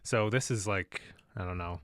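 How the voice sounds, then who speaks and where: A man's voice: sits low, normal speed, fairly bright tone, no echo, studio quality. A man co-hosting a casual podcast discussion, laid-back and agreeable, often trailing off. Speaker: podcast co-host.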